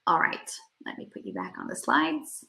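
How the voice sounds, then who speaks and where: A woman speech and language therapist giving a webinar presentation and now and then breaking into playful, high, excited sound effects to show parents how. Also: normal speed, roomy sound, a little hiss or hum.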